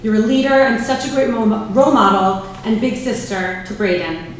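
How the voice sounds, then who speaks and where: A woman's voice: fairly high pitch, moderate pace, recorded from a distance, a little hiss or hum. Mother giving a speech in an echoey hall. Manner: warm, proud, reading from notes. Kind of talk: prepared family speech. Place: large banquet room.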